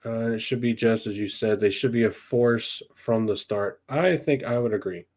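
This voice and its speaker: A young man from the southeastern United States hosts a livestream podcast, chatting casually and thinking out loud with plenty of ums and restarts. His voice is lowish and a little mellow, at a moderate pace.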